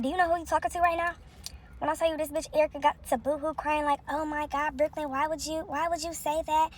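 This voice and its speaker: A woman tells a story as a heated, profane rant. Her voice sits high and her words come fast. Faint background noise runs under her voice.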